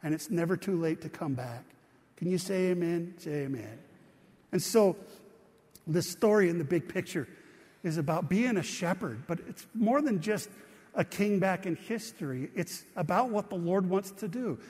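A middle-aged pastor delivers a sermon in an easy, storytelling way, often turning to his listeners with questions. His voice sits somewhat high for a man. The sound rings with the long reverb of a church hall. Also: lively intonation, moderate pace, a little mellow, breathy edge. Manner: conversational storytelling preacher, asks the congregation questions. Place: church sanctuary.

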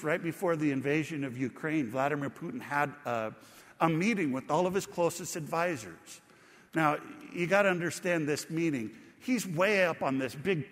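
A man preaching a sermon as pastor, telling stories in a conversational, animated way. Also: on the high side, in a large hall.

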